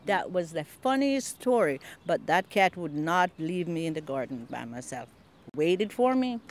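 Older woman gardener, lively storyteller acting out quoted voices, outdoor interview. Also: on the low side, normal speed. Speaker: longtime community gardener.

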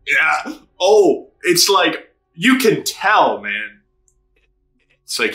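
A man reacting casually to an anime episode, excitable and laughing often, with a lot of swearing and quick put-on voices for the characters. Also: a little high.

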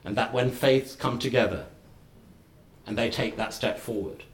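A middle-aged man giving a formal lecture, speaking in measured, deliberate short phrases with wry humour. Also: medium pitch. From United Kingdom. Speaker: guest lecturer. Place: lecture hall. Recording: roomy lecture hall.

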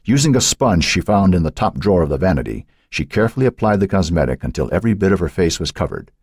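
Brief: male narrator, very deep and husky, lively rises and falls, dramatic measured reading. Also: no room sound, studio quality. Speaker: audiobook narrator. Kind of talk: scripted narration.

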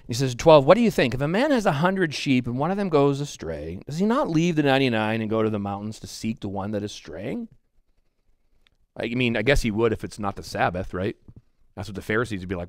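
A man's voice: medium pitch, fairly quick, no echo. Middle-aged guy preaching, chatty, keeps saying right, dry close sound. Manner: conversational, animated preaching with frequent "right?" asides. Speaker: pastor. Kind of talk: expository sermon. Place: church sanctuary.

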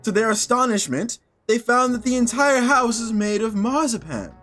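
A man voicing a sly older village woman in a video game, reading a fairy tale in a theatrical, drawn-out way. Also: very high voice, expressive, fairly bright tone, faint music behind, voice pushed up. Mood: storytelling.

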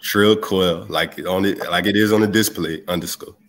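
A man calling into a live dating show who speaks softly and calmly. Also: normal speed. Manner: low, soft-spoken.

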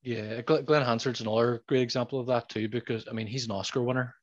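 A man's voice: medium pitch, steady tone, fast talker, dry recording. A man with a Derry accent hosting a casual podcast, rambling and restarting his sentences as he chats. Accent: Northern Irish, Derry. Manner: rambling, restarts often, says "aye". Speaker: podcast host. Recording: slightly dull dry sound.

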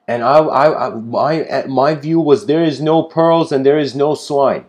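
A man's voice: on the high side, measured pace, hardly any pauses, a little mellow. Rambling man giving a spiritual talk. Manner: rambling, with frequent restarts and casual asides. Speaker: spiritual speaker. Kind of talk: improvised spiritual lecture.

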